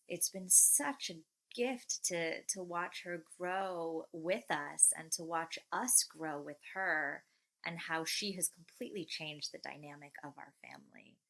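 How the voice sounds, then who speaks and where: Reflective woman with a lowish voice. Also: fairly bright tone, poor audio. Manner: reflective, measured, pauses to rephrase. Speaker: guest, mother of three. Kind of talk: heartfelt interview conversation.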